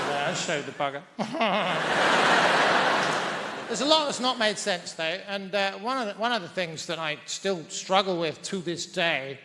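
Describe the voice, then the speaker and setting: Brief: mock-grand British stand-up comic, high pitched, stage mic in a big hall. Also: male voice, lively intonation, unhurried, very noisy. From Britain. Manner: mock-pompous, verbose. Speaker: stand-up comedian. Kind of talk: stand-up comedy. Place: large theatre stage. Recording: reverberant theatre hall.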